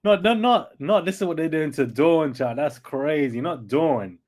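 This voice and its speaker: A man hosting a live stream, reacting excitably, repeating himself and sometimes shouting, and reading out chat comments. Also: a little high, normal speed. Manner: reads out chat comments and thanks donors.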